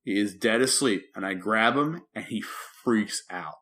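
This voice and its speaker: A man co-hosting a podcast, telling a story in casual chat and loudly acting out what people said. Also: on the low side, a little slow. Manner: animated storyteller, acts out quotes loudly. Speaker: podcast co-host.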